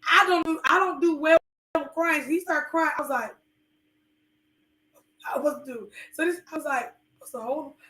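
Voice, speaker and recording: A woman talks in a loose, rambling way, full of fillers and candid asides. Her voice sits a little high, and it echoes around the room. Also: normal speed, pauses often, pushed and bright. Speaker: podcast co-host. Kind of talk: casual chat with her husband.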